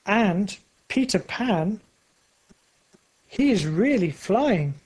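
Storybook narration, very slow, measured, simple sentences, middle pitch. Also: sing-song, a little mellow, slightly rough.

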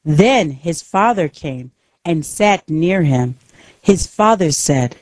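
A woman narrating a simple storybook aloud, slow and clear for learners. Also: low-pitched, expressive, darkish tone, no echo.

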